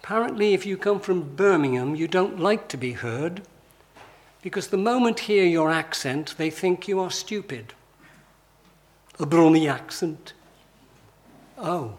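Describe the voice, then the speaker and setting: A man preaching a sermon in a conversational style, full of rhetorical questions and emphatic lists. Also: high-pitched.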